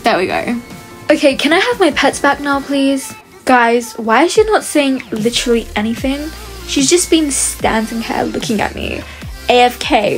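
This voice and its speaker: A young woman who makes gaming videos walks her viewers through a game in a high voice, chatty and quick to get exasperated. She calls out to her audience as "guys" while she plays, with faint music underneath.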